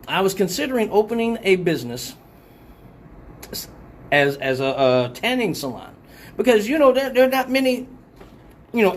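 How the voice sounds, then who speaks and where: A man hosting a live comedic talk show, telling rambling, profane stories in an animated way. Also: a little high, slight background noise.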